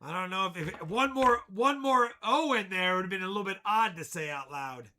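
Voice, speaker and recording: A man hosting a live coin auction stream, joking around and shouting out countdowns and winners. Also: sits high, brisk, slight background noise. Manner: jokey, loud countdowns and shouted calls. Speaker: livestream coin auction host. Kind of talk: energetic live auction patter.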